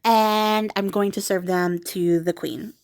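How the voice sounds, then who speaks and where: A woman's voice: mid-range voice, steady tone, takes it slowly, darkish tone. A woman voicing a male palace cook who talks in a hesitant, matter-of-fact way. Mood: wry.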